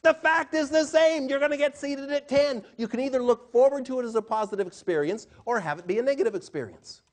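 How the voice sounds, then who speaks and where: A middle-aged man, a communication trainer, giving an animated live seminar talk to a room and acting out quotes in changing voices. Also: very high voice, fast talker.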